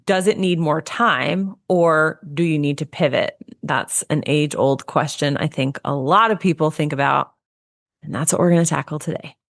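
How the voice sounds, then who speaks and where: A woman's voice: low-pitched, moderate pace, no room sound, clean studio sound. A woman co-hosting a business podcast, talking in an upbeat, conversational way. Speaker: podcast co-host. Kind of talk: casual podcast chat.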